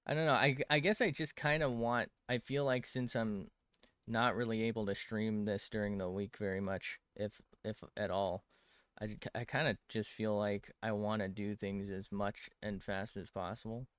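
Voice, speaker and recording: A man's voice: lowish voice, fairly even intonation, normal speed, fairly bright tone, smooth, no echo. A young man streaming while he draws, rambling to chat, mocking himself and swearing often.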